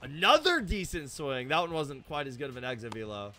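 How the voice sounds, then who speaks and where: A young man giving live gameplay commentary, excitable and self-deprecating, breaking into shouts when plays go wrong. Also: medium pitch, fairly quick, faint music behind. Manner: self-deprecating, hard on himself. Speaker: gaming YouTuber.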